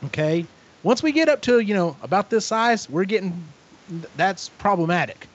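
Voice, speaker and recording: A man co-hosting a casual podcast, retelling a story with lively acted-out voices and frequent swearing. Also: high-pitched, moderate pace. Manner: animated retelling, acts out characters, swears freely. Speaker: podcast co-host. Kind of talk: casual book recap chat. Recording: dull lo-fi audio.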